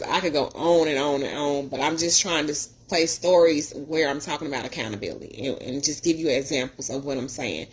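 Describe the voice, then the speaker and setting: A woman's voice: low-pitched, slightly rough. A woman podcast host telling stories in an earnest, preachy way, acting out the people she quotes. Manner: earnest, preachy, animated retelling with voiced quotes. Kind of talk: storytelling monologue.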